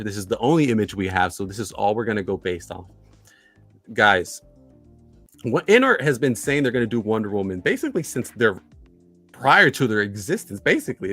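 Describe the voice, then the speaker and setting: A chatty male livestream host with a fairly low voice. He greets viewers by name, reads their comments aloud, and fills his sentences with "uh" and repeated phrases. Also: fairly bright tone. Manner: filler-heavy, repeats himself. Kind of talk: casual livestream chat.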